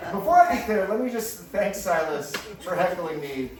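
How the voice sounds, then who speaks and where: On stage in a large hall before a live audience, a stand-up comic with a high, lively voice moves at a moderate pace, often laughing through his own playful, self-mocking lines. The recording is echoey and distant from the mic, with heavy background noise and the crowd audible.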